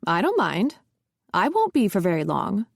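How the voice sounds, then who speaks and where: A woman's voice: medium pitch, wildly swooping pitch, moderate pace, vocal fry, dry recording, studio quality, heavily acted. A woman voicing a demanding, self-pitying middle-aged mother who is exasperated with her son. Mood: pushy exasperated. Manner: exasperated and pushy.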